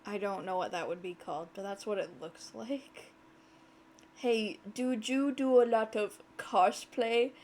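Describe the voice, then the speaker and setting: Slow-talking, laughing woman streamer. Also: medium pitch, darkish tone, slight background noise. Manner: chatty, laughing, swearing, reading dialogue aloud. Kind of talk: casual gameplay commentary.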